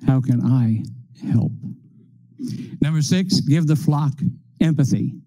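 Slow, dark-voiced male preacher. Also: mid-range voice, breathy edge, poor audio. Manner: slow, measured delivery with numbered points. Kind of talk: sermon.

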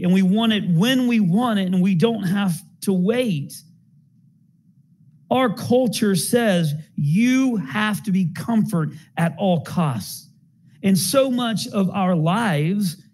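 A man's voice: high voice, darkish tone. A man preaching a sermon, telling stories and asking the congregation rhetorical questions. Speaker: pastor.

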